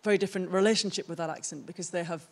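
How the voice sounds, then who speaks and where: A woman's voice: lowish voice, racing. Thoughtful woman presenting her art. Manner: thoughtful, searching for words. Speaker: artist presenting her work. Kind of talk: conference talk. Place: theatre stage.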